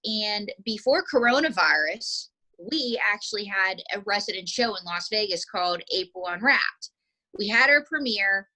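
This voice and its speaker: Bright, upbeat woman ventriloquist coaching. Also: mid-range voice. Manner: upbeat, coaching, quick asides. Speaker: ventriloquist teacher.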